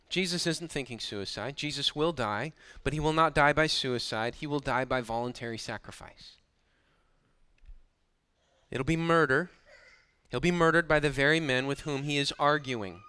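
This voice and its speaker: A man's voice: fairly high pitch, moderate pace, long pauses, pushed and bright, clean tone, dry recording. A man preaching a sermon, building emphasis and dropping into sarcastic asides. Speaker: pastor.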